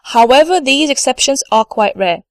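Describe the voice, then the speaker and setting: A woman's voice: high voice, expressive, normal speed, no room sound. A woman teaching a recorded language lesson, speaking carefully, saying each word twice for learners and encouraging them to repeat. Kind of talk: scripted online lesson.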